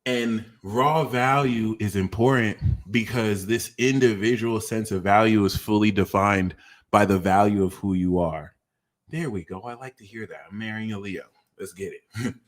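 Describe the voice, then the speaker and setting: A young man hosting an astrology livestream, ranting animatedly, swinging from shouts to low mutters and swearing freely. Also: normal speed. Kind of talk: casual livestream rant.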